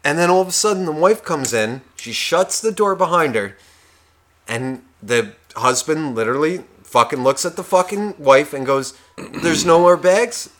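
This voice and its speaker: A man's voice: on the high side, expressive, normal speed, a bit bright. A man co-hosting a podcast, telling a story in a heated, profane rant. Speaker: podcast co-host. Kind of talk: casual comedic storytelling.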